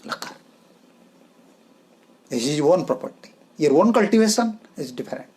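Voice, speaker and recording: Spiritual teacher, male, high pitch, forceful repetitive delivery in simple English. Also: lively intonation, moderate pace. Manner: emphatic, repeats short phrases, simple English grammar. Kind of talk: devotional lecture.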